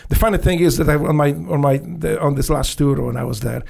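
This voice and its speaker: Middle-aged Polish ex-soldier guest with an accent, gravelly voice, animated storyteller who swears. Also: male voice, on the high side, fairly quick. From Poland. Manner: animated, swears freely, acts out dialogue, laughs often. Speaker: podcast guest, former Navy SEAL. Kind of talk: storytelling in a casual interview.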